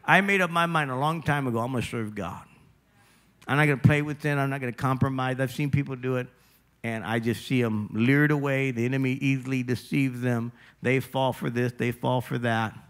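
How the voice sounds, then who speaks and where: A male pastor preaching a sermon, driving points home with emphatic repetition and shifting between loud declarations and quieter personal appeals. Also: medium pitch, steady tone, brisk.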